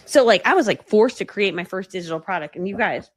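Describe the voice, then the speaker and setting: A woman business coach telling her story live to an online audience, fast-talking and animated, acting out voices as she goes. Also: mid-range voice, no room sound. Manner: laughs often mid-story.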